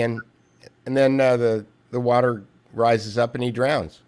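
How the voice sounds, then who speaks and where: A man as a podcast guest, chatting casually and telling a joke in a halting, rambling way full of restarts, heard over a remote call. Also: mid-range voice, fairly even intonation, a little mellow, a little hiss or hum. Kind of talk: casual conversation with storytelling.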